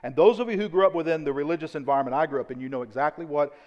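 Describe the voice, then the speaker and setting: A man preaching a sermon as pastor, emphatic and repetitive, slowing down to stress key words. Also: a little high, a little mellow, lo-fi sound. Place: church auditorium. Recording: church hall with long reverb.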